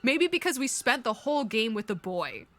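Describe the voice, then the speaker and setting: Tearful high-voiced woman streamer. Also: big pitch swings, moderate pace. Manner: emotional, exclaiming, laughing through tears. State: crying, stuffed nose. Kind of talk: live game stream reaction.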